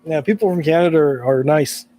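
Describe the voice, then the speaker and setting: Casual live streamer: hoarse man, higher voice, mellow tone, rambling and laughing a lot. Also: brisk. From California. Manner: chatty, laughs often, rambling. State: hoarse from allergies.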